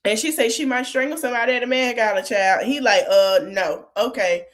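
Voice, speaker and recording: Woman w aave, lively podcast recap, kinda high voice, a bit of a cough from a cold. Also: brisk. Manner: animated, laughs often, mimics cast members' lines. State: getting over a cold, coughing. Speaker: podcast host. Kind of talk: casual reality TV recap.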